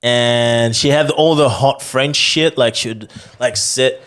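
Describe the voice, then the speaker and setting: A young man in his twenties co-hosts a podcast in loose, casual chat. He swears freely and tells stories with animated mimicry, at a middle pitch. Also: takes it slowly, clear, resonant tone. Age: 20s. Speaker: podcast co-host.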